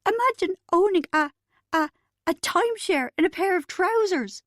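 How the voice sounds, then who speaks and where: Narrator doing a young woman breathless with laughter, stammering, high and loud, dry close sound. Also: animated, normal speed, no room sound. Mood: laughing helplessly.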